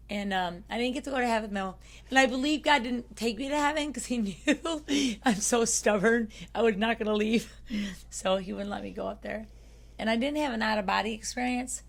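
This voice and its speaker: A woman's voice: fairly high pitch, normal speed, gravelly. A woman guest on a podcast telling her personal faith story in an earnest, rambling conversational way, full of fillers and restarts.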